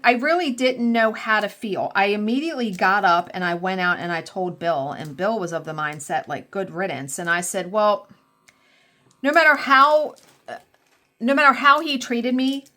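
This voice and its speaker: A woman's voice: medium pitch, a bit bright. A woman in her forties chatting candidly as a crafting vlogger, rambling and swearing freely while she works. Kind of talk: casual storytelling chat while crafting.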